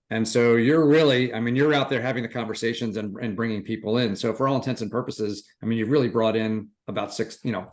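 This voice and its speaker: A man hosting an interview, asking long rambling questions with frequent restarts. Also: mid-range voice. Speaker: host.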